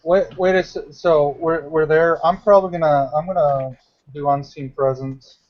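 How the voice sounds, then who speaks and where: A man's voice: on the high side, fairly even intonation, moderate pace. A man playing a tabletop game, explaining his plans with restarts. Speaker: player. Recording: muffled lo-fi recording.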